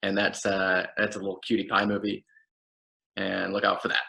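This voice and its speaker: A man, an actor and guest, telling an absurd comedic story in a rambling, deadpan way with fillers and restarts. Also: deep voice, normal speed, creaky, husky.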